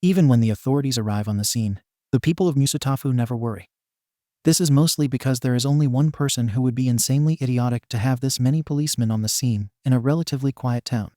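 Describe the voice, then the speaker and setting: A man's voice: mid-range voice, quick pace, mellow, no room sound, clean studio sound. A man narrating a comic story in a wry, playful way.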